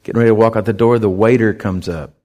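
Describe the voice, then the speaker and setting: A male pastor telling a story in a sermon, animated and conversational, acting out other people's lines. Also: lowish voice, fast. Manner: lively anecdotal storytelling, acts out others' lines.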